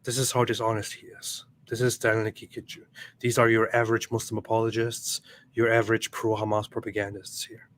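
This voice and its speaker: A man's voice: fairly low pitch, completely flat delivery, a little fast, fairly bright tone, slight background noise. Scornful man hosting a livestream. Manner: scornful, mocking, laughs at his own points. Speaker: livestream co-host. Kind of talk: livestream commentary and reading viewer messages.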